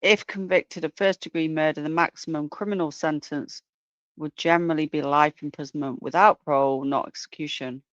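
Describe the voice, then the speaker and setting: A co-host joins the casual chat, explaining things calmly and sometimes stopping to find the right words. The sound is dry and a bit dull. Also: mid-range voice, a little fast, no room sound.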